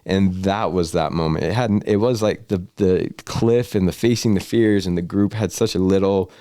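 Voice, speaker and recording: A man's voice: sits low, normal speed, mellow, clean tone, dry recording, studio quality. A young man, a podcast guest, telling a long story in casual, rambling talk full of fillers and swearing. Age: young adult. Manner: rambling, filler-heavy, profane.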